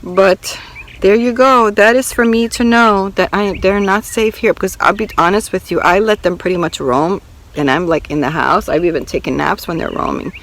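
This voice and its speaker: A woman's voice: mid-range voice, steady tone, moderate pace, fairly bright tone, low-quality recording. A woman talking casually to her viewers while walking around her rural property outdoors, filming herself. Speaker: homestead vlogger. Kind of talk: casual vlog to camera.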